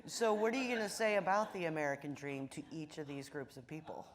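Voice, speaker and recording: A woman's voice: low-pitched, animated, fast talker, slight background noise. A woman interviewer on stage who asks brief questions and drops in short encouraging replies. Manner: brief prompts and encouraging backchannels.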